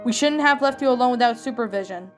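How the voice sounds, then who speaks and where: A woman's voice: fairly high pitch, fast, soft background music, close to an everyday voice. A woman reading a cartoon father's lines in a fan story, apologetic and plain. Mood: sorry. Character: father Lynn Loud Sr., middle-aged man, apologetic.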